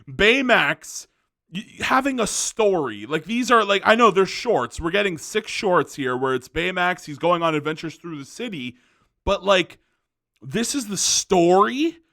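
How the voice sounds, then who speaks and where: A man's voice: high voice, very animated, measured pace, vocal fry, sharp tone. A man hosting a commentary video, ranting angrily with profanity, fillers and restarts.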